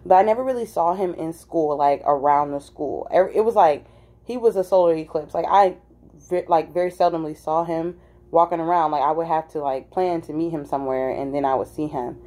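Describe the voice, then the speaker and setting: A woman's voice: low voice, fairly quick. A young adult woman casually telling a personal story, acting out the people in it with lots of "like" fillers. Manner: animated, acts out quoted voices, many "like" fillers.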